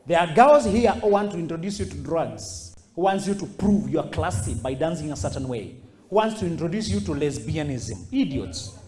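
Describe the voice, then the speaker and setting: A middle-aged man giving a motivational speech to high school students and acting out the people he quotes. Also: moderate pace. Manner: animated, acts out quoted voices. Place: school hall. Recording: echoey hall.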